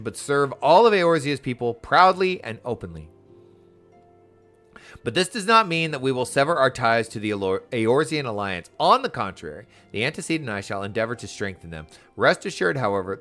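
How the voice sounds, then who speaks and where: Man reading solemn young woman leader, formal, earnest, lively pitch. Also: close to an everyday voice. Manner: reads game dialogue aloud in a formal, earnest tone. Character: solemn young woman leading a sworn order. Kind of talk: reading game text aloud.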